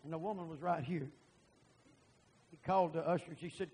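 A preacher with a high, husky voice, telling a testimony in a sermon. He is animated and breaks into loud, emphatic bursts as he tells it. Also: fairly quick, low-quality recording.

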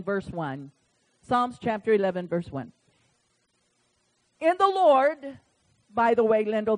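A woman pastor preaching a sermon, swinging from loud, fervent declarations down to quiet, conversational storytelling. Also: mid-range voice, rough recording.

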